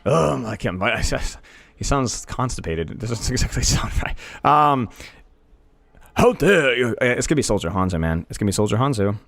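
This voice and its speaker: A man playing a casual gaming quiz as contestant, stammering and mocking himself as he thinks out loud. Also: on the low side, fairly quick. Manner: stammering, animated, self-mocking.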